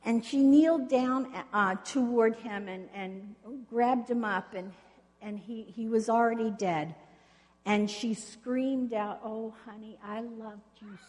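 A woman's voice: on the high side, slow pace, darkish tone. A woman preaching a sermon in an earnest storytelling way, asking the congregation questions. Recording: long reverb of a hall.

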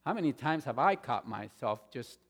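Male pastor preaching, punchy loud bits then soft asides, big echoey church sound. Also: mid-range voice, animated, normal speed, breathy edge. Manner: emphatic, swings between loud stresses and quiet asides. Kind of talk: sermon. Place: church sanctuary. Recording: long reverb of a large hall.

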